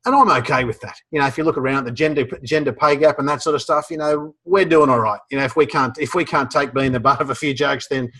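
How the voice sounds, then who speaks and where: A man with an Australian accent giving casual advice on humor, relaxed, with many fillers and restarts. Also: medium pitch, fast talker, hardly any pauses. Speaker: guest speaker on humor.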